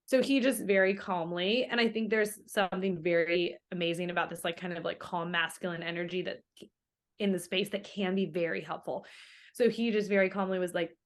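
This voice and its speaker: A woman's voice: lowish voice, normal speed. Young woman chatting as a guest, lots of likes and ums, quoting people as she goes. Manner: chatty, many fillers, quotes others in her story. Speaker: interview guest. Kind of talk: casual interview storytelling.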